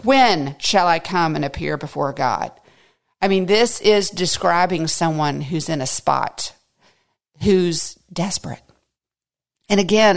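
A woman's voice: lowish voice, a little slow. A woman hosting a devotional podcast, teaching through a psalm in an earnest, conversational way and asking listeners direct questions. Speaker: podcast host teaching scripture.

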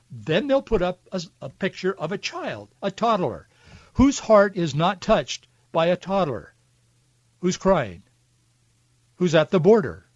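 High-voiced preachy male host. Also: no echo, muffled recording. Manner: emphatic, preachy, indignant. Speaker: podcast host. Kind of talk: political commentary monologue.

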